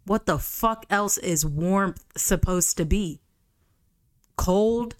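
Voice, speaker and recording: A woman's voice: medium pitch, extremely slow. A young woman hosting a podcast, reading a book aloud and mocking it with profane, exasperated, sarcastic commentary. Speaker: podcast host.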